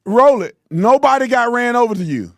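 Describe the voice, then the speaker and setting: Man, political commentary host, high voice, animated, dry close sound. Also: moderate pace, no room sound. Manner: animated, mocking, loud outbursts.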